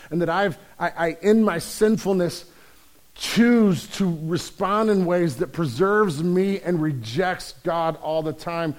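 A male pastor preaching a sermon in a conversational, earnest manner, often restarting his sentences as he works toward a point. His voice sits a bit higher than most men's. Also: darkish tone.

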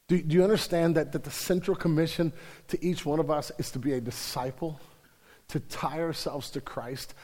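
A male pastor preaching a sermon in casual slang, swinging between loud urgency and hushed intimacy, with repeated words and restarts. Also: a little high. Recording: long reverb of a large hall.

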